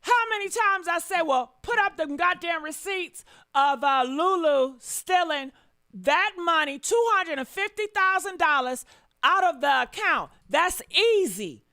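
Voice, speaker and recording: Woman stream host, high bright voice, loud and profane, exclaiming. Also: expressive, unhurried. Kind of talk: heated live-stream commentary.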